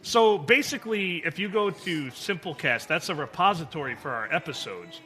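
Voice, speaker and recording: A man's voice: a little high, expressive, normal speed, sharp tone. A man co-hosting a casual comedy podcast, joking and laughing often. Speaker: podcast co-host.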